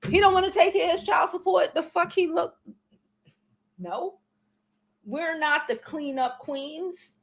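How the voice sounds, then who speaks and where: A woman's voice: very high voice, takes it slowly, long pauses, fairly bright tone. Blunt, slangy woman in her forties. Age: 40s. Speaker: livestream host. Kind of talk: casual advice chat with viewers.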